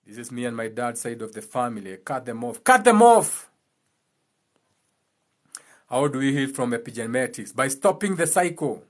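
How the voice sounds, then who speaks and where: A man's voice: mid-range voice, fairly quick, hardly any pauses. A man hosting his channel, giving a blunt, impassioned monologue full of profanity and repeated phrases for emphasis. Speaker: channel host.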